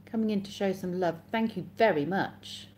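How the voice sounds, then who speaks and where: A woman's voice: mid-range voice, normal speed, darkish tone, slight background noise. An English woman hosting a casual live stream, chatting and reading viewer comments aloud with frequent laughs. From England.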